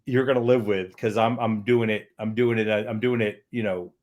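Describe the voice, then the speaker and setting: A man's voice: lowish voice, steady tone, fairly quick, darkish tone, muffled recording. A man, an author, chatting casually on a livestream and often repeating words as he thinks.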